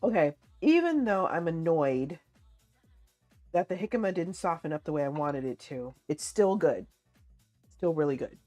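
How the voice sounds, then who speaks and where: A woman's voice: low-pitched, lively intonation, normal speed, dark tone. A woman livestreams while eating, chatting easily with her viewers. Her voice rises and falls a lot as she answers them and laughs along. Music plays faintly behind her. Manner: chatty, reads chat aloud, laughs often. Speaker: streamer.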